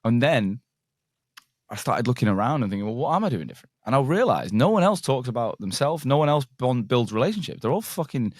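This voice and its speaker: A man's voice: medium pitch, big pitch swings, brisk, a little mellow, no room sound, clean studio sound. A man from England hosting a podcast, chatting casually and telling stories full of banter and swearing. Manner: swears freely, banter-heavy storytelling. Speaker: podcast host. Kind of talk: casual interview chat.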